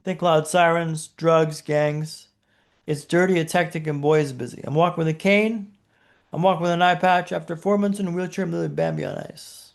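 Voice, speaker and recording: A man's voice: high-pitched, gravelly. A man, a podcast guest, telling a dramatic personal story in punchy short phrases with rhetorical questions.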